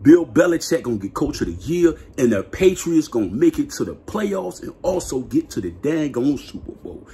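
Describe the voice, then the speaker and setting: A man vlogging a hyped, slangy football rant, laughing and repeating himself in his excitement. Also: on the high side, normal speed, hardly any pauses. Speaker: sports vlogger.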